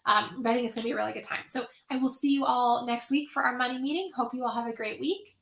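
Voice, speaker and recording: A woman's voice: a little high, fast talker, gravelly, reverberant. A woman hosting an online money workshop, talking casually with lots of fillers, her voice getting tired. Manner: chatty, many fillers. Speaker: financial workshop host.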